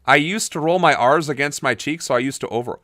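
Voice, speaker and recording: A fast-talking young man with a higher voice runs a political livestream, his tone bright and forceful, with a little hiss or hum in the audio. He chats casually while reading chat, rambling, laughing readily and leaning on lots of fillers.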